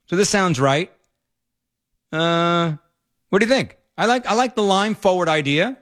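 Middle-aged male talk radio host, opinionated, sarcastic, rambling; a touch higher than most men. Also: expressive, a little slow, fairly bright tone.

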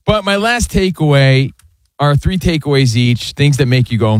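A man's voice: fairly high pitch, a little slow, no room sound. A man with a New Jersey accent co-hosting a sports radio show, trading brash, slangy banter in a studio. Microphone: studio mic.

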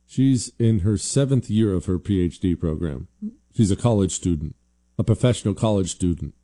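A man hosting a political talk radio show, mocking and sarcastic, pitching up into loud jeers. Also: lively intonation, normal speed. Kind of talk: political talk radio monologue and live ad read.

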